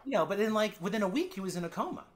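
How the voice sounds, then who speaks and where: Expressive man telling candid stories. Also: racing, a little hiss or hum. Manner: expressive, swinging between loud animated bursts and low quiet passages; candid and profane, acts out other people's lines. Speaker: podcast guest. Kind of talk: candid storytelling in a podcast interview.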